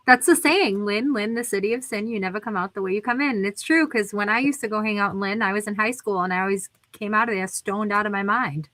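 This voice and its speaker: A woman's voice: medium pitch, fast, few pauses, a bit bright, no echo. A woman from Massachusetts chatting casually on a livestream, laughing and teasing. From Massachusetts, USA. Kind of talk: casual chat.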